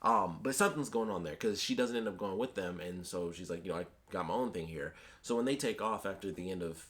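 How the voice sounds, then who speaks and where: Fast-talking low-voiced man reviewing TV. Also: fairly bright tone. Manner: rambling, many fillers and restarts. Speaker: TV episode reviewer. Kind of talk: casual spoken review.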